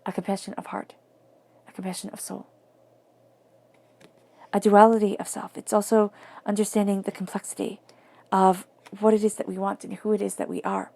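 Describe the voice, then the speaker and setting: A woman giving a tarot reading in a soft, flowing, reflective way, sometimes dropping to near-whispers. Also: medium pitch, vocal fry. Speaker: tarot reader.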